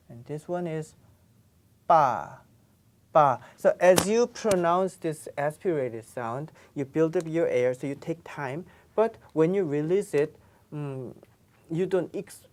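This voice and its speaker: Slow, low-voiced woman teaching pronunciation. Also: warm tone. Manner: slow, patient, repeats sounds many times for learners. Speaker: Korean language teacher. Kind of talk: pronunciation lesson.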